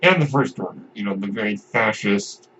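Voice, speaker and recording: A podcast host with a lowish voice chats casually about films, rambling along with frequent restarts and asides. He's animated, speaks at a moderate pace, and sounds a bit bright. The recording is dull and lo-fi with faint noise.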